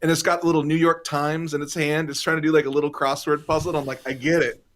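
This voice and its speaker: A man's voice: a little high, quick pace. A man in casual group video chat, telling stories playfully with lots of animation, speaking over a video call. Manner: playful, animated storytelling with laughs. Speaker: improv teacher and guest.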